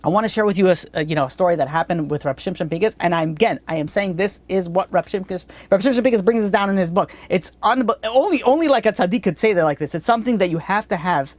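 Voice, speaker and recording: A man's voice: high voice, lively intonation, fast, hardly any pauses. A man speaking as a rabbi at an evening Torah class. He is blunt and earnest, and he often breaks off and restarts his sentences.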